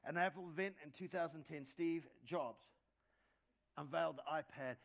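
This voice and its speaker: Male pastor, fairly high voice, conversational sermon delivery with stacked repeats for emphasis. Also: gravelly, a bit bright. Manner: conversational preaching with quick asides and dad jokes; repeats words when building emphasis.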